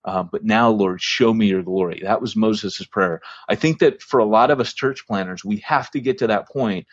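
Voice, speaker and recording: A man with a fairly low voice tells a story from his church in a relaxed, rambling way, pausing often on ums and uhs. The recording is dry and a little dull, with no room sound. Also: no room sound. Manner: anecdotal, lots of fillers and restarts. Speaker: church planting podcast host. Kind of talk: casual storytelling.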